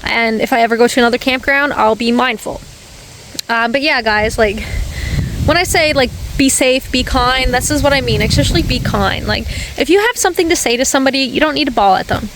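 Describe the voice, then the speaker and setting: A woman chats through a rambling story, her voice sitting somewhat high and loose with fillers and quick self-corrections. She talks from her parked car by a quiet dirt road. A faint outdoor and vehicle hum stays in the background. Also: rough recording. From Newfoundland. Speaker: vlogger. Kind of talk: casual storytelling rant.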